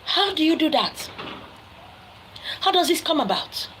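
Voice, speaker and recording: Woman, preachy advice lecture, scolding and emphatic, slightly high voice, light background noise. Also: sing-song, unhurried, fairly bright tone, poor audio. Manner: scolding, emphatic, rhetorical questions. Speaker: speaker giving relationship advice.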